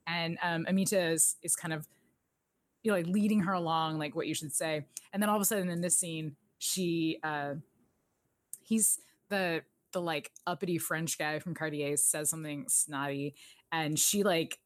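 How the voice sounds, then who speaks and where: Enthusiastic woman with a lower voice. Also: fairly even intonation, normal speed, no echo. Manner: enthusiastic, quotes characters, laughs often. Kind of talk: casual movie recap chat.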